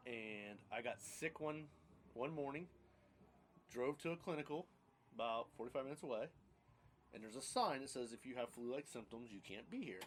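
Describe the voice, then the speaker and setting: Blunt, rambling man telling his story. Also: mid-range voice. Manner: rambling, blunt, swears casually. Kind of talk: casual storytelling chat.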